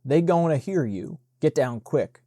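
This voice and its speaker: A man voicing a young servant boy who speaks in Southern dialect, loud and urgent, shushing and giggling tipsily. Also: on the high side, animated, measured pace, no room sound, clean studio sound. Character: young Black servant boy, giddy and tipsy.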